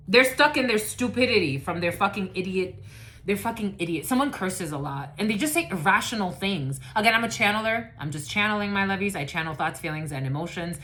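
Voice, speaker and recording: A woman doing a casual channeled reading, swearing freely as she rambles and confides in her listeners. Her voice is mid-pitched and ordinary, with faint noise behind it. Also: expressive, brisk, sharp tone. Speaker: psychic channeler.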